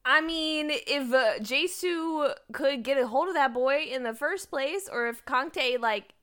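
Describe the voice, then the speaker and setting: A woman's voice: high-pitched, unhurried, a bit bright. A woman co-hosting a casual podcast. She talks in a chatty way, uses lots of fillers and laughs easily. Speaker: podcast co-host. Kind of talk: casual chat.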